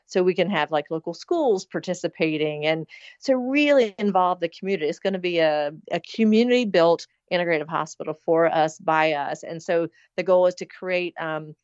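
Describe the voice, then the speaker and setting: A woman's voice: lowish voice, moderate pace, darkish tone, dry recording. Woman, middle-aged, earnest rambling interview guest, muffled lo-fi recording. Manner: earnest, rambling, many fillers. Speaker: interview guest planning a hospital. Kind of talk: casual interview talk. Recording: dull lo-fi sound.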